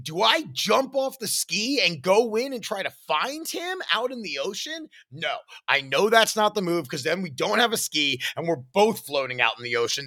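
A man telling a first-person story as a podcast host, animated and acting out his own shouts and sound effects. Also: on the high side.

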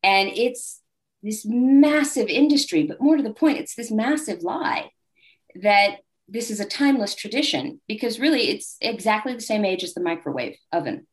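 A woman's voice: mid-range voice, moderate pace. A woman guest author telling candid, wry anecdotes in a casual interview. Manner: acts out quoted people in lively voices.

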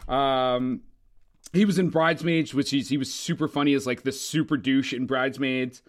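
A man co-hosting a casual movie podcast, talking in an animated, opinionated way with frequent swearing. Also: medium pitch, moderate pace. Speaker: podcast co-host. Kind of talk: casual movie review chat.

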